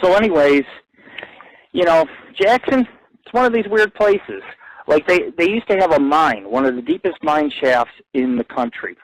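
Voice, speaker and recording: A man hosting his own internet radio show, telling boastful, profane stories in a rambling live monologue that climbs higher and louder when he gets excited. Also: moderate pace, no room sound, low-quality recording.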